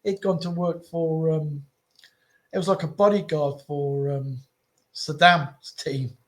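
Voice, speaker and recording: A middle-aged man on a podcast, talking in an animated, slangy way. He repeats himself as he builds a story, his voice a little high for a man. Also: takes it slowly. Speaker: guest telling his story. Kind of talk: casual storytelling.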